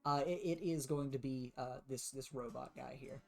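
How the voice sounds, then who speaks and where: A man's voice: medium pitch, normal speed, gravelly, faint music behind. A man runs a tabletop game as game master, narrating casually. He rambles a little as he describes each scene. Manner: casual, many fillers and restarts.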